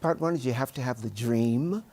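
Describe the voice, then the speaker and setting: An older man, a Broadway actor giving a studio interview, speaking in measured, oratorical phrases. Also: medium pitch, a little mellow.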